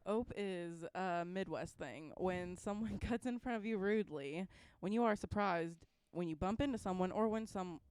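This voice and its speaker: A woman's voice: lowish voice, moderate pace, hardly any pauses, darkish tone, clean tone, no echo. A woman from Ohio co-hosting a casual podcast, playful and giggly as she explains a word. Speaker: podcast co-host. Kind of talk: casual chat.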